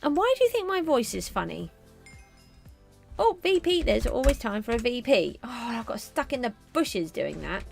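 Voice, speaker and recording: A woman's voice: fairly high pitch, sing-song, normal speed, gravelly, faint music behind. A middle-aged woman streamer chatting casually to viewers while she plays a game. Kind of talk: casual live gameplay commentary.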